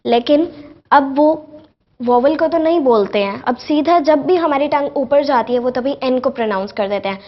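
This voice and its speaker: A teenage girl with an Indian accent explains pronunciation rules as a guest on a TV show, repeating each example word slowly before explaining it. Her voice sits somewhat high, and the broadcast audio is dull and lo-fi. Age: teens. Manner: demonstrates words by repeating them slowly, then rapid explanations. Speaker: guest student.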